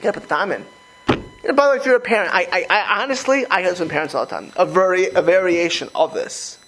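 A middle-aged man talking in a casual conversation, animated and emphatic, often restarting his sentences. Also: high-pitched, fast, rough recording.

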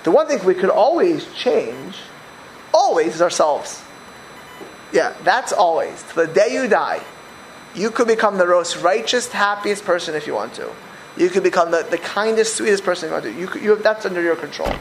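A man teaching a Torah class, animated, with many restarts and repeated words. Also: high-pitched, normal speed, slight background noise, rough recording. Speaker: religious teacher.

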